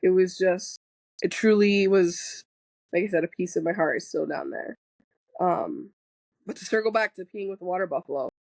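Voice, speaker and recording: A woman's voice: fairly low pitch, normal speed, a little mellow, no echo, low-quality recording. A woman as a podcast guest in casual chat, talking candidly with lots of fillers and restarts, swearing freely and joking as she goes. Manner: rambling with many fillers and restarts.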